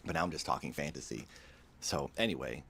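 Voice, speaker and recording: A man's voice: very deep voice, brisk, pushed and bright, slightly rough. A man telling a personal story in a vlog, in a somber, earnest way.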